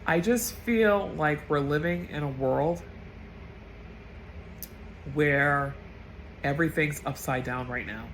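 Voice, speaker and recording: A woman's voice: low-pitched, unhurried, long pauses, sharp tone, a little hiss or hum, poor audio. A woman getting over a cold delivers an impassioned political rant as a vlogger, blunt, profane and emotional.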